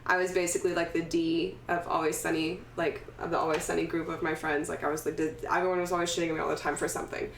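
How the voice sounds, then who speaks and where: A woman's voice: sits low, little pitch movement, fast talker, gravelly, few pauses. Laid-back woman podcaster in an echoey room. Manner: rambling, laughs often, swears. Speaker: podcast co-host. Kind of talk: casual chat. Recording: echoey room, distant mic, faint noise.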